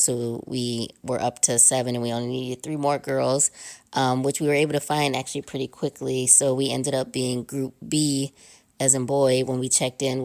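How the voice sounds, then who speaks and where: Low-voiced woman rambling through a fan recap. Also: darkish tone. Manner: rambling, many ums and uhs. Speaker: fan sending in a recorded story. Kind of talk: casual voice-memo recap.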